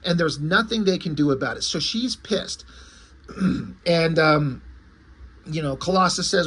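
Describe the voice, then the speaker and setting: High, husky-voiced man reviewing comics. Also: unhurried, pauses often, a bit bright. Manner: rambling, self-correcting, casual swearing.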